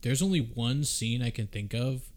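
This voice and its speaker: Animated, profane man chatting about films. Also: mid-range voice, normal speed. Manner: animated, profane, acts out the characters' lines. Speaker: podcast host. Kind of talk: casual film discussion.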